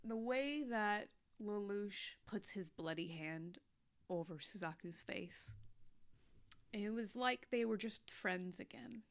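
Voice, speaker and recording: A young woman chatting casually about a series she watched, heartfelt and expressive, moving between hushed and loud. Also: mid-range voice, takes it slowly. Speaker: anime reaction vlogger. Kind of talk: casual recap chat.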